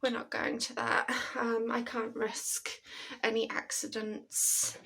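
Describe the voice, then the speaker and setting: A British woman talking at home in a loose, rambling vlog, breaking into laughs here and there. Her voice sits a little high, with a husky, gravelly edge, and she takes her time over every thought. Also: completely flat delivery, takes it slowly, fairly bright tone. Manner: rambling, chatty, laughs often. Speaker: vlogger. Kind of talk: casual chat to camera.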